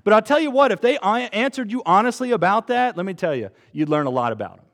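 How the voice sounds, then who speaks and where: A man in his twenties preaching a sermon, earnest and expressive, rising to emphatic peaks. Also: high-pitched, fast talker. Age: 20s.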